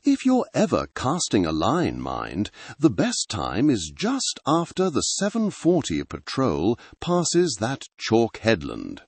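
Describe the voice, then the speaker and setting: A man's voice: medium pitch, wildly swooping pitch, slow, gravelly, few pauses, breathy edge, dry recording, exaggerated voice. A man voicing a weathered, friendly old male fisherman in an audiobook reading, talking in a folksy, plain-spoken way.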